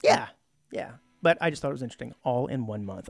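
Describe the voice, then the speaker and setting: A man co-hosting a podcast in casual chat, joking with quick asides. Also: medium pitch, expressive, gravelly, no room sound, faint music behind. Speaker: podcast co-host.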